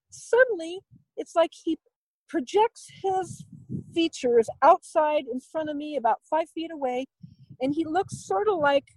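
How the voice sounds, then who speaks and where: A woman's voice: high voice, dry recording, rough recording. A woman guest in an interview, telling a personal story in a rambling, hesitant way, full of fillers and restarts, candid and self-deprecating.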